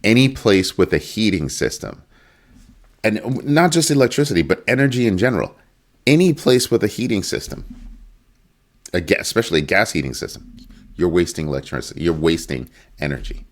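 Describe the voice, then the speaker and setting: A middle-aged man with a very low, deep voice talks through his thoughts in a casual solo commentary. His pitch swings widely as he gets emphatic, slipping into mock quotes and sudden high outbursts. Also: animated, brisk. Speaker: crypto news commentator.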